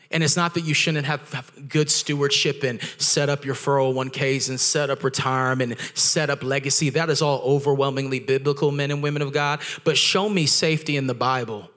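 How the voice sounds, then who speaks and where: A young man preaching as a guest speaker, telling stories excitedly and driving home his points with animated, emphatic delivery. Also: mid-range voice. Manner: excitable, storytelling, acts out voices in anecdotes. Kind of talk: energetic sermon.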